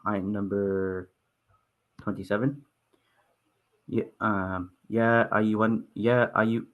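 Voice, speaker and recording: A young man teaching a Quran translation class, halting and restarting often and apologizing for stuttering. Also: on the low side, narrow, tinny audio. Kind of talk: online Quran translation lesson.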